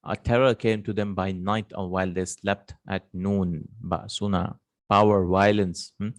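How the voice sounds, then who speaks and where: A man teaching Arabic vocabulary in a relaxed spoken lesson, thinking aloud with hums and repeats and reciting verses quickly. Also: deep voice.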